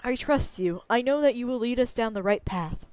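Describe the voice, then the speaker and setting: A woman voicing a gentle, serene female tree goddess, speaking softly and solemnly as she pleads for help. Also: fairly high pitch, moderate pace, dry recording, voice pushed up, close to an everyday voice, low-quality recording. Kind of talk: game dialogue read aloud.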